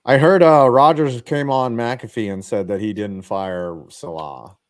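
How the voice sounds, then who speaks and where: Profane joking man calling pitches. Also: a little slow. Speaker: podcast host. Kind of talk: casual chat with live baseball play-by-play.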